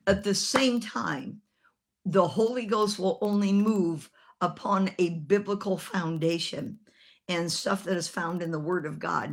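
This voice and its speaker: Gravelly-voiced woman preaching a sermon. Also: on the low side. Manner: animated, acts out quoted voices for humor. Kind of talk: sermon with storytelling.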